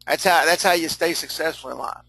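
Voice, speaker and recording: A man's voice: fairly high pitch, a little fast, vocal fry, bright, forceful tone, no room sound, low-quality recording. A middle-aged man leading a live online training session, folksy and chatty, laughing often, repeating himself and answering chat comments as he goes.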